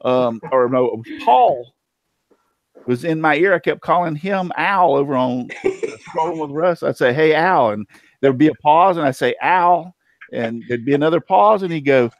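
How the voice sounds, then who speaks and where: A man's voice: on the high side, moderate pace, dry recording, lo-fi sound. A man hosting a casual livestream chat, telling jokey stories and laughing often over a video call. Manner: joking storyteller, laughs often. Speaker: host.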